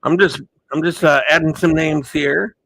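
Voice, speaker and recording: A man's voice: on the high side, steady tone, moderate pace, gravelly, fairly bright tone, dry recording. A man hosting a casual livestream, chatting with viewers by name and calling a mock race. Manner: chatty, greets viewers by name, thinks aloud. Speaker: livestream host.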